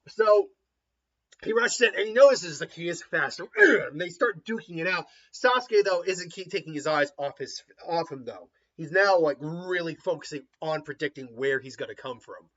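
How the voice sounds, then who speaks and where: Rambling, bright-voiced man storyteller; casual fan retelling, muffled lo-fi recording. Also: fairly high pitch. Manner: rambling, animated, filler-heavy.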